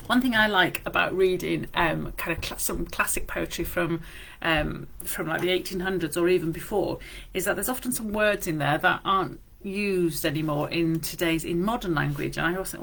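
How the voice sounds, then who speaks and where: A woman, a librarian, chatting casually with frequent fillers in a library and reading poems aloud slowly and deliberately. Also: on the low side, creaky, a bit bright. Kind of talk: casual chat and poetry reading.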